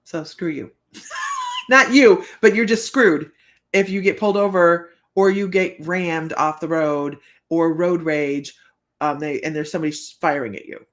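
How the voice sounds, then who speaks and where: A woman with a fairly low pitch speaks at normal speed in a steady tone. Hosting a casual live stream as a psychic reader, she rambles through chatty stories, laughing often and filling pauses with fillers.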